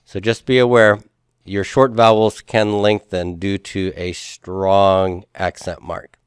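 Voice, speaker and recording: A man's voice: deep voice, level tone, slow, clear, resonant tone, dry recording, studio quality. A man teaching a Hebrew grammar class who explains each step patiently and puts questions to his students. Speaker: Hebrew instructor.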